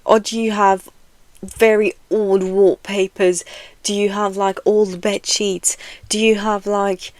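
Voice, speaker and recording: A woman talks straight to her viewers in a frank, rambling way, leaning on "you know" and small laughs. Her delivery is slow and unhurried. The recording is dry and close, with no room sound. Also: medium pitch, flat delivery, darkish tone, no echo. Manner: laughs often between phrases. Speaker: video essay vlogger. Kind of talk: casual direct-to-camera talk.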